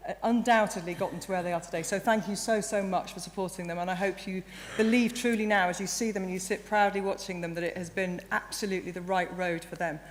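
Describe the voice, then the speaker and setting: A woman's voice: on the low side, steady tone, quick pace. Earnest woman speaking in a big hall. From England. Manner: earnest, restarts and corrects herself. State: croaky, emotional. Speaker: university chancellor giving graduation address. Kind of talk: ceremonial speech. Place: large hall. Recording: reverberant hall, light background noise.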